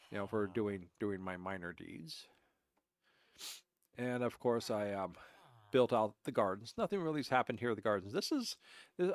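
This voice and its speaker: A man's voice: mid-range voice, no room sound, studio quality. A man streaming a game, congested and stuffy-voiced from allergies, giving a rambling, self-correcting walkthrough of his builds. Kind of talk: casual gameplay commentary.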